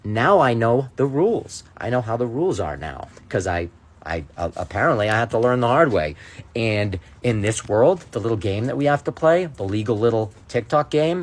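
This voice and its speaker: A man's voice: lowish voice, slightly rough. A man, a social media creator, ranting to camera in an indignant, sarcastic way and repeating his challenges.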